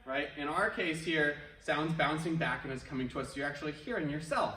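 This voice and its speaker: High-voiced guy leading a martial arts warmup, talking through a mask, echoey studio, kinda far from the mic. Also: normal speed. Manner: upbeat, encouraging, chatty with asides. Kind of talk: online workout class instruction. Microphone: wears a face mask while talking. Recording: roomy echo, distant from mic.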